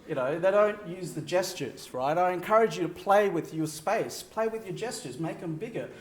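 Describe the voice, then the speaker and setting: A man giving a keynote speech to a live audience, animated, shifting his pitch and pace for effect and laughing often. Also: normal speed, reverberant, a little hiss or hum. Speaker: keynote speaker. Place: large venue with audience.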